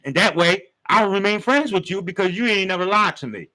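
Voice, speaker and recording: A man's voice: sits high, expressive, a little fast, sharp tone, rough recording. A man giving a casual spiritual talk, using street slang and speaking straight to his listeners. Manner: street slang, conversational, addresses listeners directly. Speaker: spiritual teacher.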